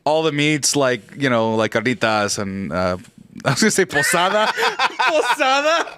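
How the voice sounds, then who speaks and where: A man's voice: mid-range voice, animated, moderate pace, a bit bright, clean tone, dry recording. Worn-out joking podcast host, a man. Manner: laughing, swearing, rambling. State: very tired. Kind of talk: casual chat.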